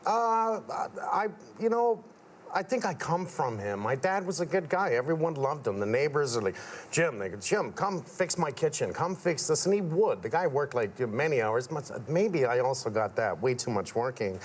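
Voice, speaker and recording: A man's voice: medium pitch, normal speed, a little hiss or hum. A middle-aged man, a contractor guest on a talk show, chatting casually and acting out quoted people as he tells stories. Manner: animated storyteller, acts out quotes.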